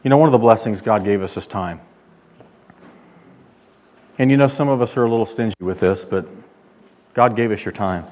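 A male pastor delivering a sermon, emphatic, rising and getting louder when he quotes God. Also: fairly low pitch, normal speed, long pauses. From California. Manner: emphatic preaching, loud when quoting God.

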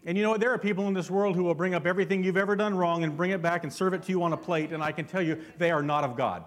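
A man's voice: sits high, rapid-fire. A man preaching a sermon as pastor, fervent and constantly asking his congregation questions.

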